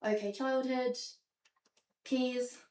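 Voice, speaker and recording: A woman's voice: high-pitched, steady tone, extremely slow, a little mellow. Wry young woman on a theatre stage. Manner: wry, self-deprecating, many ums. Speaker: stand-up comedian. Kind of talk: stand-up comedy show with slides. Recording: roomy sound from a distance.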